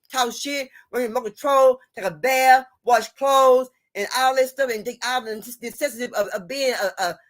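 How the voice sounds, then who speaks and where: Preachy, blunt woman lecturing her viewers. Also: sits high. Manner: preachy, repeats "you hear me?" and "you see what I'm saying?"; blunt and salty, drawn-out emphasis. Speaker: vlogger giving relationship advice. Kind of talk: emphatic advice rant to viewers.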